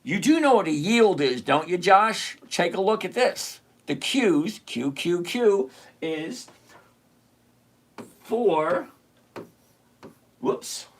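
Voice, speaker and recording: A middle-aged livestream host in casual commentary who teases a viewer sarcastically, repeats points slowly and mutters while hunting around the screen. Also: mid-range voice, expressive. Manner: teasing, sarcastic, talks straight to a viewer.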